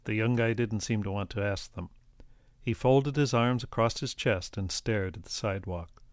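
A man reading a story aloud as an audiobook narrator, in a steady, even storytelling manner. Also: fairly low pitch, normal speed, no room sound, studio quality.

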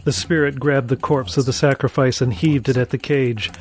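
A man reading a first-person horror story aloud, dramatic, sinking low and slow on the grim moments. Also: fairly even intonation, heavy background noise. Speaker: narrator.

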